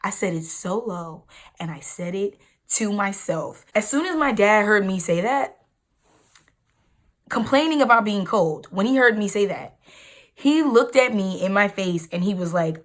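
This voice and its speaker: A young woman tells a personal story for her vlog, with emphatic, slangy delivery. Her voice sits at an ordinary middle pitch, and she keeps the story moving with casual asides to her viewers. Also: expressive, a little slow. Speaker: vlogger.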